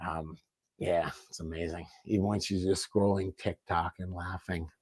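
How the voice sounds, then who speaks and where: A man co-hosting a casual chat, joking and slangy, telling animated stories. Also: low voice, moderate pace, husky, no echo.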